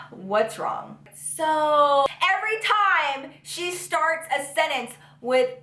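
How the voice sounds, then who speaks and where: High bright-voiced woman telling a story. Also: drawn-out words, echoey room. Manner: animated, profane, dramatic retelling. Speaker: vlogger. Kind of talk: storytime vlog.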